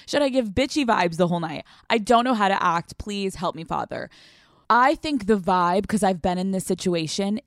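A woman's voice: medium pitch, smooth, no echo, clean studio sound. Blunt, profane young woman podcast host. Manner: blunt, profane and sassy, with quick laughs. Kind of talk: casual advice talk answering listener letters.

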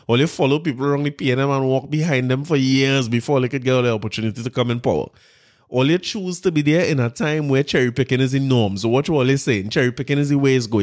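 A Trinidadian man hosting a casual political talk. He mocks what he hears, laughs often, and stumbles over repeated words. His voice sits at an everyday middle pitch. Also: darkish tone. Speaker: political commentator, host.

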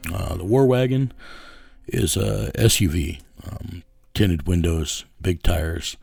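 A man's voice: low-pitched, takes it slowly, gravelly, darkish tone, slightly rough, faint music behind. A man working as a child recovery investigator, telling a story in an interview in a blunt, profane way with many fillers.

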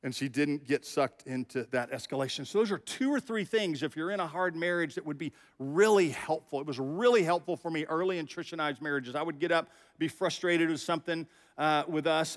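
A man's voice: on the high side, normal speed. Man, middle-aged, pastor, conversational sermon, reverberant church hall. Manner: conversational, talks straight to the congregation.

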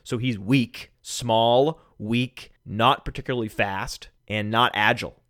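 A man's voice: mid-range voice, takes it slowly, no echo. Sarcastic man ranting into a dry mic. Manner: mock-calm, bursting into shouts. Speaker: fantasy football podcast host. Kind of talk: sarcastic solo podcast rant. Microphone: studio microphone.

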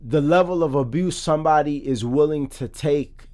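A man's voice: on the high side, normal speed, a little mellow. A man co-hosting a podcast, musing reflectively on ideas in casual chat. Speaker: podcast co-host.

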